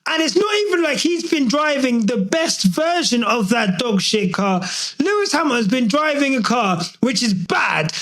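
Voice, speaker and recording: A young man from the UK rants through a solo podcast episode in a loose, slangy style full of swearing. His voice sits high for a man and swings widely in pitch as he gets carried away, excitable and talking straight to the listener. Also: poor audio. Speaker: podcast host.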